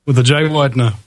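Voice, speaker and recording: A man's voice: medium pitch, rough recording. A man hosting a talk show, chatting loosely with many fillers and jokes. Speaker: radio show host.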